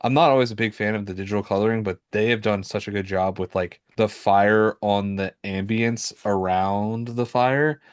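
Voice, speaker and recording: A man's voice: fairly low pitch, steady tone, moderate pace, hardly any pauses, clean tone, no room sound, clean studio sound. A man co-hosting a comic book podcast, talking casually with fillers and self-corrections. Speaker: podcast co-host. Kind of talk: casual chat.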